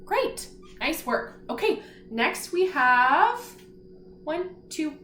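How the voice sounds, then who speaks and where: A woman's voice: high-pitched, sing-song, extremely slow, fairly bright tone, a little hiss or hum. A woman teaching a spelling lesson to young children, patient and encouraging, sounding words out letter by letter. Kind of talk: slow, clear remote spelling lesson for children. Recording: echoey room.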